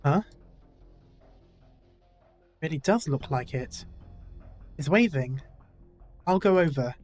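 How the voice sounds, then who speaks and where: A man's voice: fairly high pitch, animated, takes it slowly, a little mellow. Man reading game dialogue over music. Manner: casual, self-deprecating asides. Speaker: gaming YouTuber. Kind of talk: reading a game's story dialogue aloud.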